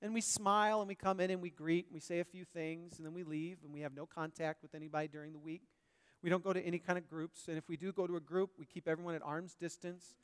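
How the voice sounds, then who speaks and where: A male pastor preaching a sermon, animated, swinging between loud emphasis and quiet asides. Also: fairly high pitch, fast, clear, resonant tone, big-room sound.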